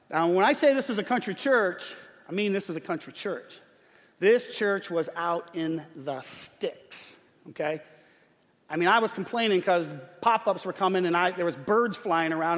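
A middle-aged man preaching a sermon, telling a humorous story in an animated way. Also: sits high. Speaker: pastor. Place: church sanctuary. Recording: long church hall reverb.

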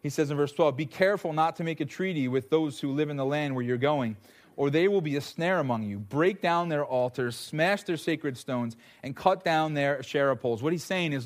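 A man preaching a sermon, conversational and animated, acting out the voices he quotes. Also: fairly high pitch, fairly quick. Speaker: pastor.

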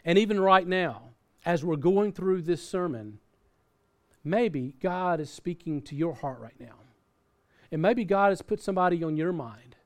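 A man's voice: high voice, animated, measured pace. A man preaching a sermon as pastor, earnest, often repeating and restarting words, and reading scripture aloud. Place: church in Australia.

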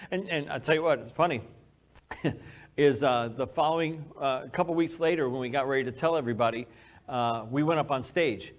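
A man preaching a sermon as pastor, telling a personal story with animated, acted-out quotes. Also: a little high, fairly quick.

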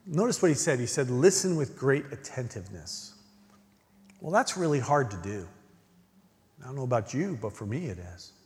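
A man's voice: mid-range voice, sing-song, moderate pace, pauses often, a little mellow. Guy preaching a sermon, earnest, goes from punchy questions down to near whispers, long echo from a big church hall. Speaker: pastor. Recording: long reverb of a large hall.

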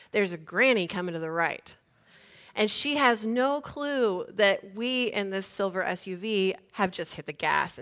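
A woman preacher, telling a lively story in a sermon and shouting the lines she retells. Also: high voice.

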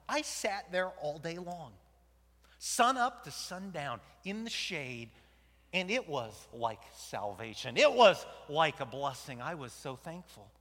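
A man playing Jonah, a conflicted and angry prophet, in a dramatic first-person sermon. His delivery swings between loud outbursts and hushed whispers. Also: on the high side, full character voice. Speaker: preacher in dramatic monologue. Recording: long hall reverb.

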